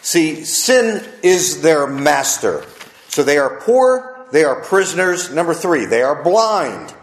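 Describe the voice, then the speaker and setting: A man preaching a sermon as pastor, animated, with wide swings in his voice. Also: fairly high pitch, slow pace, reverberant.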